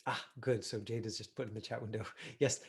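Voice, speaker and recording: A middle-aged male acting teacher who talks through an online class in a loose, chatty way. He stops and restarts often, with plenty of "you know" and "uh", and his pitch sits in an ordinary middle range. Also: fairly even intonation, brisk, creaky. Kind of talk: online acting class, reviewing a self-tape.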